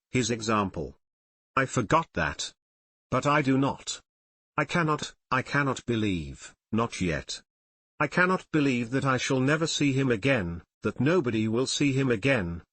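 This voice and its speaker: A man reading the lines of a grieving young woman in an audiobook, hushed and mournful with emphatic repetitions. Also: mid-range voice, expressive, measured pace, husky, no room sound.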